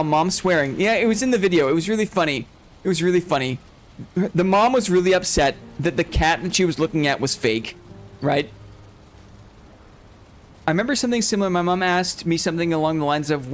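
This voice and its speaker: Male streamer, high voice, rambling casual chat, laughs a lot. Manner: rambling, self-interrupting, laughs often. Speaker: streamer host. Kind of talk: casual chat while gaming, reading chat.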